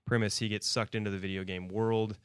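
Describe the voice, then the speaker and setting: A young man hosting a podcast, chatting in a relaxed, wry way. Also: on the low side, fairly quick, smooth, no echo, studio quality. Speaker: podcast host. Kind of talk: casual chat.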